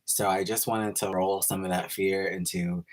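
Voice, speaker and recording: A man's voice: low-pitched, flat delivery, normal speed. A man hosting a live stream, gushing and giggling as he greets viewers by name, emotional and close to tears.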